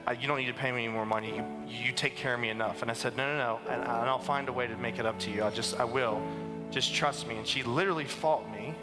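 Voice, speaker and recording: A man's voice: medium pitch, fairly even intonation, quick pace. A man giving a motivational talk on stage, emphatic and blunt, sometimes swearing and getting emotional. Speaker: keynote speaker. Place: large hall on stage. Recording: long hall reverb, music behind.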